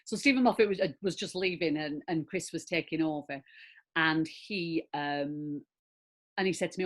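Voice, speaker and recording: Middle-aged woman, actress in an interview, chatty, lively anecdotes, laughs often. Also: low-pitched, measured pace. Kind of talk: conversational interview.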